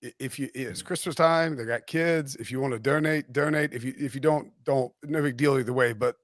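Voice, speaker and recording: A man from North Carolina hosting a sports podcast, rambling and animated with frequent restarts. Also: mid-range voice, fairly quick, dry recording, studio quality. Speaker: podcast host. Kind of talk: casual sports podcast chat.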